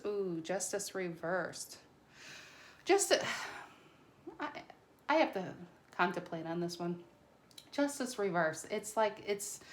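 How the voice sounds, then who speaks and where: Chatty, excitable woman reading tarot. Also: medium pitch, slight background noise. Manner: excitable, chatty, stumbles over words. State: a little nervous on camera. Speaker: tarot reader. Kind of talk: casual tarot reading to camera.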